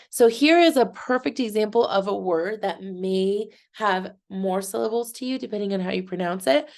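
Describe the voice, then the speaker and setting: A woman teaching a recorded lesson for children, speaking clearly and encouragingly and clapping out syllables slowly. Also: medium pitch, darkish tone.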